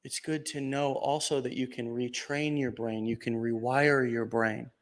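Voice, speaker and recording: At an event venue, a man delivers a high-energy motivational talk full of jokes to a live crowd, swinging from loud outbursts to quiet asides. His voice is mid-range and his pace runs slightly slow.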